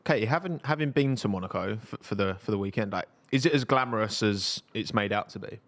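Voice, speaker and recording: A man hosting a casual live stream, telling stories and asking guests questions in a relaxed, teasing way. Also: lowish voice, fast. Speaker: podcast host.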